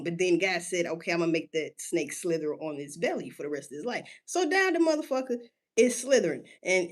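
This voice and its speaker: Animated, swearing woman ranting casually. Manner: animated, profane, street slang, rhetorical questions to listeners; drawn-out emphasis on words, sudden pitch jumps. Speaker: solo commentator. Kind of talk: casual rant.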